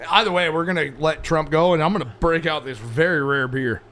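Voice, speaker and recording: A man's voice: fairly high pitch, brisk, sharp tone. A man co-hosting a podcast, chatting casually, crude and joking, swearing a lot. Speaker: podcast co-host. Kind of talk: casual chat.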